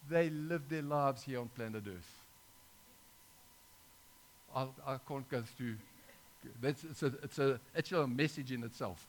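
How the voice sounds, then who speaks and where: A man's voice: medium pitch, measured pace, pauses often. A middle-aged man preaching an informal sermon, talking conversationally with frequent restarts and asides to his listeners.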